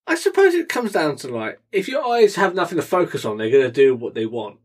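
With a voice on the high side and a slightly fast pace, a young man co-hosts a laid-back podcast. He cracks jokes, laughs a lot, and delivers everything with liveliness.

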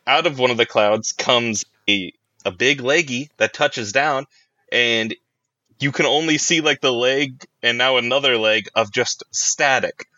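Give me a giggly game master, a man with a bright voice and a dry, dull recording. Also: mid-range voice, a little slow, no room sound. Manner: laughs often, hesitant with many "uh" and "like". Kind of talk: narrating a tabletop game.

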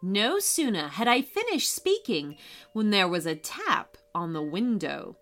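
A woman reads a children's bedtime story in a gentle, unhurried voice. Her tone is bright and her pitch moves widely, with soft music playing underneath. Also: sing-song. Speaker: storyteller and podcast host.

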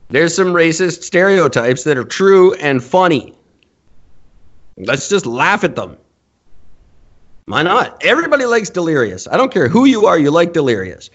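A man's voice: fairly high pitch, dull audio. A man hosting a podcast, ranting bluntly and profanely in casual talk and laughing often. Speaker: podcast host. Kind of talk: casual comedic rant.

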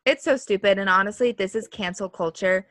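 A woman's voice: medium pitch, fairly quick, fairly bright tone, no echo. A young woman in her twenties co-hosting a casual podcast, chatty and opinionated, full of "like" fillers. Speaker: podcast co-host. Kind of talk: casual chat.

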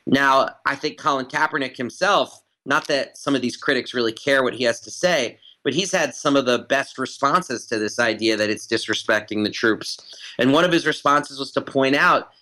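Guy on an interview breaking down an argument, bright forceful voice, keeps hammering his points. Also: mid-range voice, moderate pace, low-quality recording. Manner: emphatic, repeats phrases for stress. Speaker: guest commentator. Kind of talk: analytical interview talk.

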